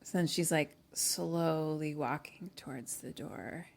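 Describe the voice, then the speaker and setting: A young woman talks through a movie's plot in casual podcast chat, full of "like"s, slipping into the characters' voices as she goes. Her voice sits on the lower side. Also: slow pace, vocal fry. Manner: chatty, many "like"s, acts out lines from the film. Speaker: podcast co-host.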